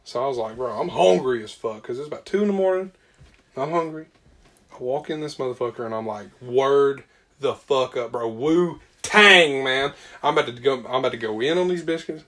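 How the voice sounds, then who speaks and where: A man's voice: medium pitch, a little fast, a bit bright. A young man, co-hosting a podcast and telling a story in a loose, profane way, often breaking into laughter. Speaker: podcast co-host. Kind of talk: casual storytelling chat.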